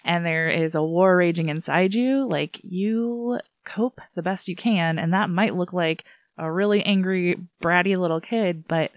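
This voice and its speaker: Earnest low-voiced woman co-host. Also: no room sound, studio quality. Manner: earnest, quick bursts of thought. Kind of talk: casual podcast chat.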